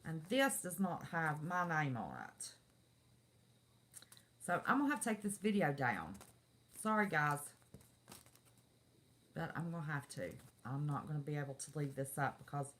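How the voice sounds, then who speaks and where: A woman's voice: sits low, a little hiss or hum. A middle-aged woman, chatting folksily with viewers on her live stream. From West Virginia. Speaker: livestream host. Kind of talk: casual live-stream chat.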